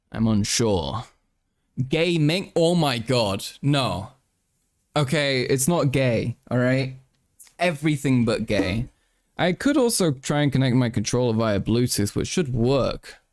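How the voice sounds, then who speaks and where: A man hosting a live stream in casual chat, playful and crude, jumping into sudden high-pitched exclamations. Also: no echo, studio quality. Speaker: livestream host.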